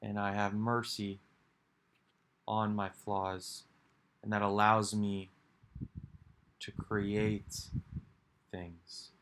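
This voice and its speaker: Man, low voice, very slow, rambling and self-reflective, sighs between thoughts. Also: little pitch movement, fairly bright tone, a little hiss or hum. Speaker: video creator.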